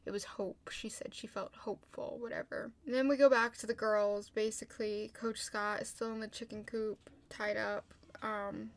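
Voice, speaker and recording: A woman's voice: medium pitch, flat delivery, normal speed, dry recording. Chatty young woman recapping, dry close sound. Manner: chatty, heavy "like" fillers, frequent swearing. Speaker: TV show recapper. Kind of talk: casual recap chat.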